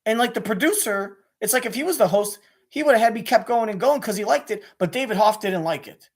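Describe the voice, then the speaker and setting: Man, young adult, angry profane rant, rapid, restless, lots of restarts. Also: high voice, expressive. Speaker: sports radio caller venting on his channel.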